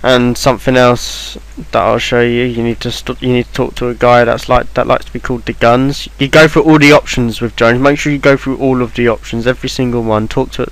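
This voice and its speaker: Offhand rambling man with a smooth voice. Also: mid-range voice, poor audio. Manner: rambling, offhand, lots of fillers and restarts. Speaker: game guide maker. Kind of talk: casual game walkthrough voice-over.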